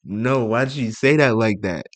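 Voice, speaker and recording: A man's voice: medium pitch, a little slow, no room sound. A young man hosting a reaction video, talking loosely in slang and laughing as he comments over clips.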